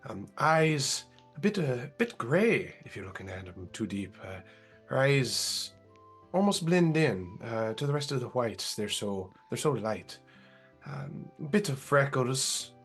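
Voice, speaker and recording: A man's voice: medium pitch, a bit bright, husky. A man playing a tabletop game, describing his character in a playful, theatrical way that corrects itself as it goes. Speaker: player.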